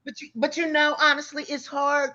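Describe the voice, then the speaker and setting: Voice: high voice, level tone, sharp tone. Earnest voice, dull lo-fi sound. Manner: earnest, halting when asking questions. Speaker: podcast co-host. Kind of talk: casual chat.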